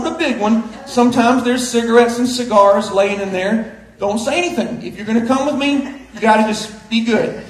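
A middle-aged male pastor preaching a sermon with a humorous story, moving from hushed asides to shouted punchlines and chuckling through the telling. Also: very high voice. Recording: roomy echo of a big hall.

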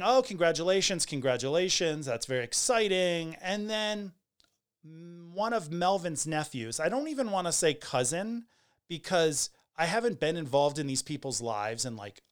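A man in his forties, talking candidly to camera in a conversational way, trailing off with pauses and restarts. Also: fairly high pitch, clean tone. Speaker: vlogger telling a personal story. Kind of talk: candid personal storytelling.

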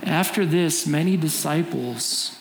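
A man's voice: on the high side, slow, vocal fry, a little hiss or hum. A middle-aged man preaching a sermon in a conversational, storytelling way, acting out scenes. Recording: echoey room, faint ambience.

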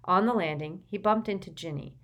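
A woman narrating an audiobook in a steady, expressive reading voice. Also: fairly low pitch, a little fast. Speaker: audiobook reader. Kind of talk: scripted narration.

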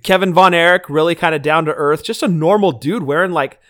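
A man with a slightly high voice chats casually on a podcast. He tells long stories with plenty of fillers and acts out bits of conversation along the way. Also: brisk. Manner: animated storytelling with fillers. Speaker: podcast co-host. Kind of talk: casual chat.

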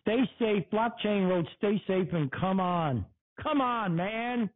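A man's voice: high-pitched, takes it slowly, no echo, narrow, tinny audio. A man hosting a casual podcast, angry and profane, mocking and swearing. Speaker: podcast host. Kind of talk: casual profane livestream rant.

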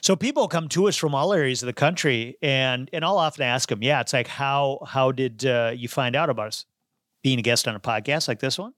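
A man's voice: medium pitch, fairly quick, fairly bright tone, no room sound, studio quality. Easygoing male podcast guest. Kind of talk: casual podcast conversation.

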